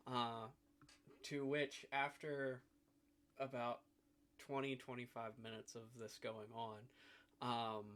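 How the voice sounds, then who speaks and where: A man narrating as game master for a tabletop game, in a bright, forceful voice. He pauses often and fills the gaps with "uh" and "um.". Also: mid-range voice, little pitch movement, smooth. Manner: hesitant, filler-heavy narration.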